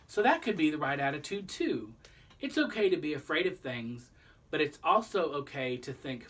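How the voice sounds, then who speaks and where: A man reading a children's book aloud, pausing to explain the lesson to young listeners. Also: on the high side, very animated, a bit bright, far from the mic. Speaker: storybook reader.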